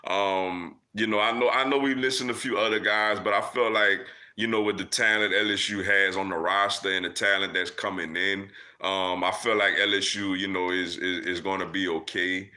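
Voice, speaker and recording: This young host's voice is low-pitched and pushed and bright, with fairly even intonation, a moderate pace, and few pauses. He runs a casual live Q&A, reading viewer comments and chatting loosely with plenty of "man" and "yo."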